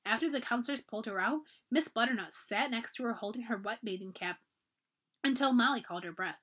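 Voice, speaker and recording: A woman, a librarian, reading a children's chapter book aloud with expressive storytelling. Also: fairly high pitch, a little fast.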